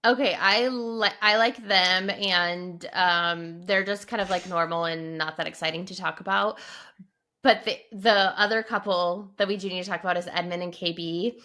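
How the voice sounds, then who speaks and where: A woman's voice: on the low side, moderate pace. A woman co-hosting a podcast, chatting casually and retelling stories while acting out the people she quotes. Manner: animated storyteller, acts out quoted people. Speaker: podcast co-host. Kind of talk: casual chat.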